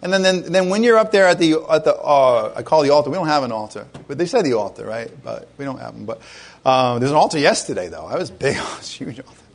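A man preaching a sermon as pastor, in a conversational, animated way with joking asides. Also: mid-range voice, fast talker.

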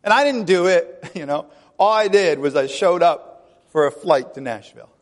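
High-voiced pastor preaching in a hall. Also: male voice, expressive, moderate pace. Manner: chatty, laughing often, acts out quoted voices. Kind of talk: sermon. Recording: long hall reverb.

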